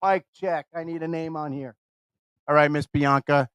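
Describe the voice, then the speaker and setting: A man hosting a radio show, energetic and teasing, rambling through live banter into a studio microphone. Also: fairly high pitch, moderate pace, clean tone.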